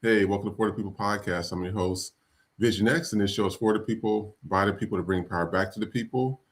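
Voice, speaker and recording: Deep-voiced male podcast host, casual. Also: steady tone, fast talker. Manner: loose, filler-heavy, chatty. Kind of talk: casual live-stream hosting.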